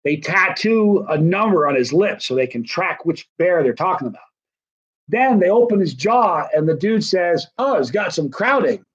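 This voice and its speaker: A man's voice: high voice, very animated, normal speed, husky. A middle-aged man telling a personal story in a rambling, conversational way with many fillers. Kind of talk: casual storytelling. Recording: dull lo-fi recording.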